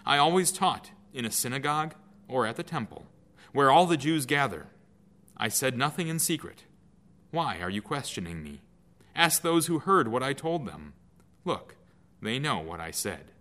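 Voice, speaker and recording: A man's voice: medium pitch, big pitch swings, normal speed, pushed and bright, pitched above the performer's own voice. A man reading scripture aloud, voicing a male teacher on trial who answers his accusers in an earnest, raised, declaiming voice. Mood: firm. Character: calm authoritative male teacher under trial.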